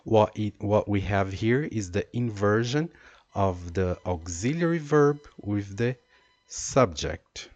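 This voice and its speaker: A man teaching an English grammar lesson, explaining slowly and reading out example sentences. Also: on the low side, expressive, darkish tone, dry recording, highs cut off. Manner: slow, deliberate explaining with drawn-out example sentences.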